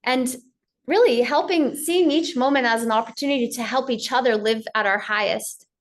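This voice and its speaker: A woman teacher giving a gentle, story-filled spiritual talk on yoga. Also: a little high, moderate pace.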